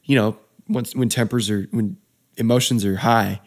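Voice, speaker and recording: Young male storyteller, casual, slightly low voice, easygoing. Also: steady tone, normal speed. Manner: laid-back, says dude and you know a lot. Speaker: wedding DJ telling a story.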